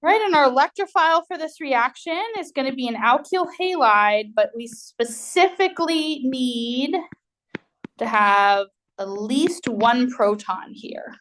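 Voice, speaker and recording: This chemistry lecturer, recorded at a university, has a somewhat high, slightly bright voice and an animated delivery. Her explanations wander casually, with filler-filled pauses and frequent check-ins with students.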